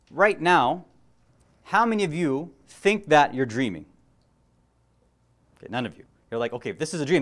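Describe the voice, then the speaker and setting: A young man giving a casual religious lecture, chatty and joking, often putting questions to his audience. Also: on the high side.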